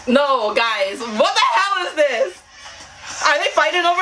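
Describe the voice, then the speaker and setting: A woman hosting a reaction video, excitable and slangy, laughing often as she comments on a music video. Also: sits high, slow, rough recording. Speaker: YouTube reaction host.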